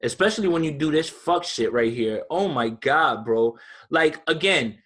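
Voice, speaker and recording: A man's voice: on the high side, expressive, normal speed, a bit bright. A man co-hosting a podcast, ranting in casual chat with lots of profanity. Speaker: podcast co-host.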